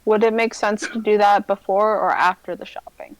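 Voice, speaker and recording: A woman's voice: medium pitch, fairly even intonation, moderate pace, no room sound, rough recording. A woman player talking bluntly and teasing friends, swearing freely. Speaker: tabletop game player. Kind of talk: casual out-of-game chat.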